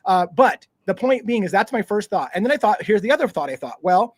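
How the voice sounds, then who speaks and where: An excitable man co-hosts a podcast and swears freely as he talks. His voice is high for a man, and he rushes through his points. The recording is dry and close, with no room sound. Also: no room sound. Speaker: podcast co-host. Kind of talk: casual podcast chat.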